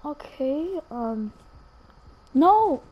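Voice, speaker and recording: A high-pitched woman narrates her gameplay live. She is chatty and excitable, reacts loudly to finds and threats, and keeps talking straight to her viewers. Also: extremely slow, dull audio. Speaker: gameplay commentator.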